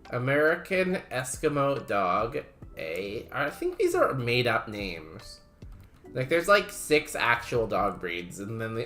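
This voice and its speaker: Slow, musing male streamer. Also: mid-range voice, pushed and bright. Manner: musing aloud, unhurried, wry. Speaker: game streamer. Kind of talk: casual livestream chat.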